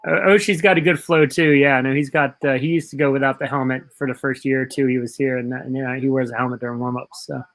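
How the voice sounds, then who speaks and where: A man's voice: medium pitch, fairly even intonation, fast talker, hardly any pauses, fairly bright tone. A man co-hosting a hockey watch stream, giving frank, opinionated casual commentary. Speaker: co-host. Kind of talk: casual live game commentary.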